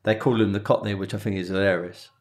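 A man's voice: lowish voice, steady tone, fast talker. A man hosting a podcast interview, asking questions in a chatty way and telling anecdotes. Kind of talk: conversational interview.

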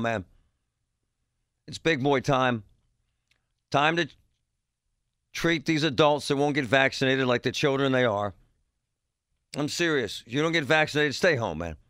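A man's voice: mid-range voice, fairly bright tone, no room sound. Guy on talk radio, fired up and blunt, dry close sound. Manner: blunt, heated, emphatic ranting. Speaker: radio talk show host.

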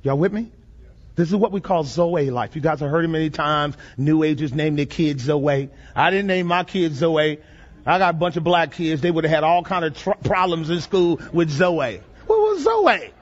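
A man preaching a sermon, reading scripture slowly and dramatically and asking the congregation questions. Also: on the high side. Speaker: pastor. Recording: dull lo-fi audio with long reverb.

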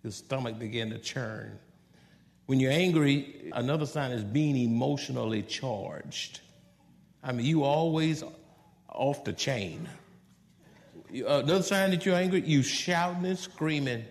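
A man preaching a sermon as pastor, swinging between hushed asides and loud, animated passages. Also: medium pitch, measured pace, vocal fry. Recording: long reverb of a large hall.

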